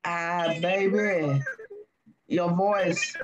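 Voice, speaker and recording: A woman with a Cajun accent hosting a casual live stream, rambling in a folksy way with drawn-out fillers. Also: fairly low pitch, loud music behind the voice, poor audio. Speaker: live-stream host reading cards.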